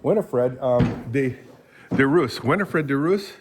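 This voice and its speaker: An older Michigan man with a mid-range, animated voice talks slowly in a rambling, filler-heavy vlog, chatting to his animals around the house and horse stalls. It was shot on a handheld phone, and the audio is very noisy.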